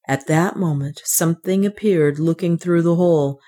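A woman with a low voice narrates an adventure novel as an audiobook. She tells the story in a measured, steady manner. Her delivery stays even from line to line. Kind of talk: scripted narration.

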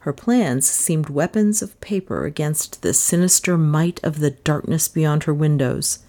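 A woman narrating a mystery story with suspenseful, expressive delivery. Her pitch moves widely and sits a bit low. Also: a little slow. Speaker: audiobook narrator. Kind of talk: scripted narration.

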